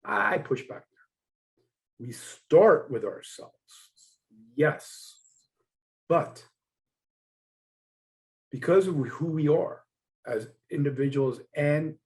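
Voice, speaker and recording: A middle-aged man who is a guest coach in an interview. He speaks in a reflective, measured way and often comes back to the same points. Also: on the high side, lively intonation, a little mellow, poor audio. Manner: reflective, measured, repeats "again" and "yes". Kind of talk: conversational interview.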